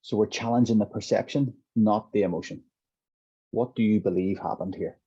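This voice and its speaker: Speaking at a moderate pace, a middle-aged man with a lowish, husky, warm voice guests on an interview as a compassionate inquiry practitioner. He thoughtfully explains how anger is worked with, illustrating it through examples and hypothetical exchanges. The recording sounds dull and lo-fi.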